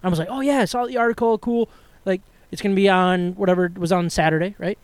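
A man's voice: high voice, fast talker, clear, resonant tone, no room sound. A man hosting a casual podcast chat, laughing often and steering the talk. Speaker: podcast host.

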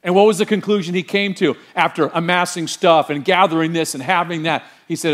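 High-voiced pastor preaching a lively sermon. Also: male voice, brisk, few pauses. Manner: animated, quizzes the congregation with rhetorical questions.

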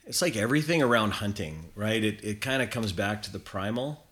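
A man's voice: lowish voice, animated, fairly quick, fairly bright tone. A man from Canada telling a long anecdote as a guest in a casual chat, rambling with lots of fillers and restarts.

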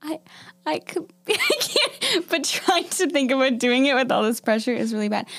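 A woman's voice: high voice, big pitch swings, normal speed, fairly bright tone. A woman co-hosting a podcast in casual chat, with a voice a little like a Valley Girl's and a giggly, self-deprecating manner. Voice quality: slightly Valley Girl-ish voice. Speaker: podcast co-host.

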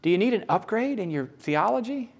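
A man with a Southern American accent preaching a sermon in an animated, playful, emphatic way. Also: high voice, brisk, creaky.

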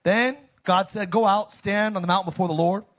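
A man preaching a sermon, animated, swinging from loud bursts to hushed lines and asking the congregation to answer back. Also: sits high, fairly quick. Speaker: pastor.

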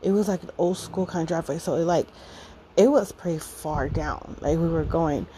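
Woman, 30s, low mellow voice, chatty fond storyteller, faint hiss behind. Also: normal speed, rough recording. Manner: rambling, fond, laughs often, many fillers. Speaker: podcast storyteller. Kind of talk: casual personal storytelling.

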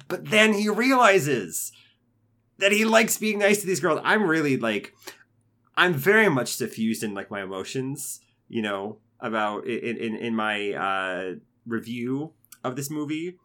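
Man, bright forceful tone, casual rambling film talk, sweary and sentimental. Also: medium pitch. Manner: rambling, emotional, lots of fillers and profanity. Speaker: podcast co-host. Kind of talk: casual movie review chat.

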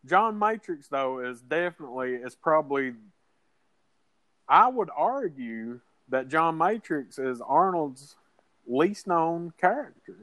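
A man hosting a podcast in casual chat, halting and restarting, swearing casually. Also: fairly high pitch, animated, a bit bright, no room sound, low-quality recording. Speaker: podcast host.

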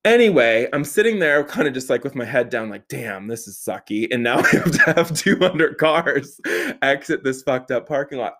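A man's voice: mid-range voice, moderate pace. A young man tells a story in a loose, casual way. He swears freely and keeps breaking into laughter as he goes. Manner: animated, profane, laughing often while telling the story. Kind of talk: casual anecdote telling.

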